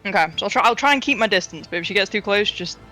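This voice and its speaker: Player, female, bright tense voice, soft music under, hesitant. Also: mid-range voice, lively intonation, rapid-fire, poor audio. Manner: hesitant, many fillers. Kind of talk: tabletop role-play.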